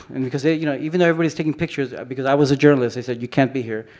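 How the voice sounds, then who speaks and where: A man's voice: mid-range voice, rapid-fire, a little mellow. Rambling male photographer giving a talk. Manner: rambling, many restarts and "you know" fillers. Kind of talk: informal presentation talk. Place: conference hall.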